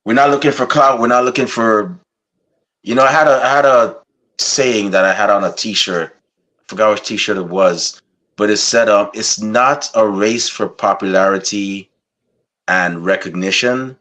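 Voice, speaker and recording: Male podcast host, relaxed, reflective, unhurried sign-off. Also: lowish voice. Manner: laid-back, slow and reflective. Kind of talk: casual interview chat.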